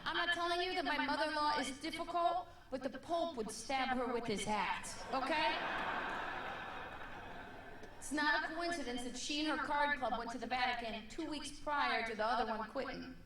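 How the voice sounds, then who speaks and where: A woman stand-up comedian from the United States, telling exasperated stories with sharp, punchy asides. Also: high-pitched, normal speed, reverberant. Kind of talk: stand-up routine.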